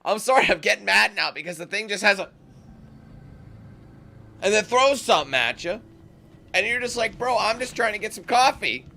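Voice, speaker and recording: Man, gaming commentator, high voice, very lively pitch, profane, sarcastic. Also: moderate pace, vocal fry, pauses often, slight background noise. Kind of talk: casual let's-play commentary. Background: game music and sounds.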